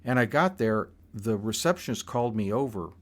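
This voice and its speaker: A man's voice: on the low side, expressive. Older man telling a rambling story. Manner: rambling, halting with restarts. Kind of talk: personal storytelling.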